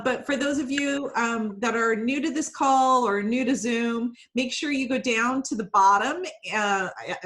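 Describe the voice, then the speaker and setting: A woman's voice: fairly high pitch, a bit bright. Chatty woman hosting a video call. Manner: friendly, chatty, greets each arrival by name. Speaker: founder and host of a networking call. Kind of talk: casual video call chat. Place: home. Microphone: computer mic on a video call.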